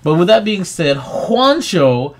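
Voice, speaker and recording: A man hosting a podcast in casual chat, laid-back and filling pauses with ums and uhs. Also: sits high, sing-song. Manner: laid-back, many fillers. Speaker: podcast host and producer.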